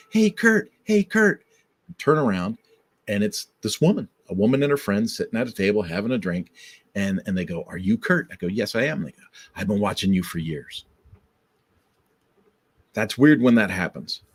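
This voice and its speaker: Husky deep-voiced male podcast host. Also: darkish tone. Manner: earnest, encouraging, repeats key advice. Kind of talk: casual motivational talk to camera.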